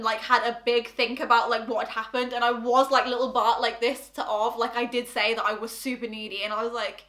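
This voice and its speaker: A bubbly woman in her twenties hosts a casual YouTube reaction vlog, chatting to camera from a room at home and using "like" a lot. Her fairly high, sharp voice moves quickly with hardly any pauses, and the room sounds roomy and echoey.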